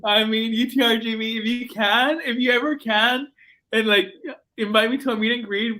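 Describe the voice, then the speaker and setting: A young man hosting a student podcast, telling stories in an excitable, gushing way. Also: very high-pitched, moderate pace. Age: young adult. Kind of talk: casual chat.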